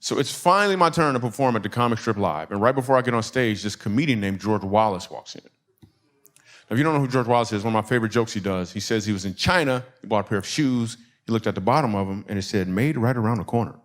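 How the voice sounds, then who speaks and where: A man's voice: lowish voice, quick pace. A man from Michigan doing a stand-up comedy set, telling a story and acting out the people in it. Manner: storytelling with acted-out quotes and audience laughs.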